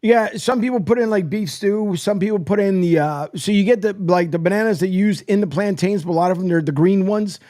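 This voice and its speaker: Radio co-host, male, high voice, dry close sound, animated and laughing. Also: fairly quick, few pauses, no echo. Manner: laughs often, animated storytelling. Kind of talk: casual sports radio banter.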